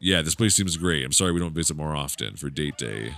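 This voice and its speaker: A man's voice: extremely low pitch, expressive, quick pace, vocal fry, fairly bright tone, slight background noise. A man giving rambling, joking commentary while playing a video game, laughing often. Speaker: gaming YouTuber. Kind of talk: casual let's-play commentary.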